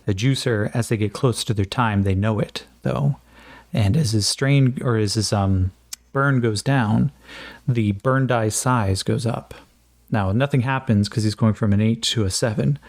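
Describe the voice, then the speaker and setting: A man's voice: fairly low pitch, measured pace, darkish tone, no room sound. A man narrating a solo tabletop game, thinking aloud with frequent fillers and joking at his own attempts at accents.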